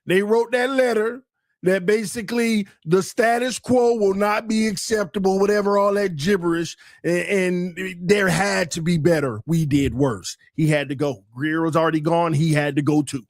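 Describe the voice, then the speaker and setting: Hyped up guy ranting on his live sports stream, high voice, slangy, repeats stuff, dry close mic. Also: normal speed, no echo. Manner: loud, excitable, repeats himself, slangy. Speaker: podcast host.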